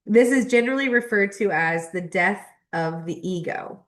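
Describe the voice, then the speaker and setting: An animated woman with a mid-range voice speaks at normal speed. She's a young adult spiritual astrology channel host, reading a spiritual text aloud and reflecting on it while choked up, laughing between passages.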